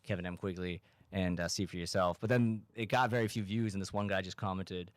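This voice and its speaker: A man from Massachusetts hosting a casual comedy podcast, rambling in a deadpan, ironic way with lots of "like". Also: sits low, fairly quick, clear, resonant tone, no room sound. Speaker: podcast host.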